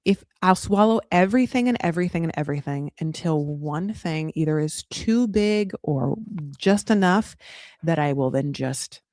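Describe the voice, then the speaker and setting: A woman hosting a casual recap podcast, chatty and gossipy, quick to act out the people she discusses. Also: low-pitched, lively intonation, darkish tone, no echo, studio quality. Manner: chatty, gossipy, acts out the cast in quick voices. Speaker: podcast host recapping a reality show. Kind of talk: casual chat.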